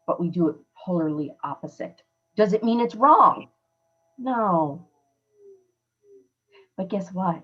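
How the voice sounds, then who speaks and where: Woman host, lowish voice, earnest and emphatic, dull lo-fi recording. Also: normal speed. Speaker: podcast host. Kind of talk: casual coaching talk.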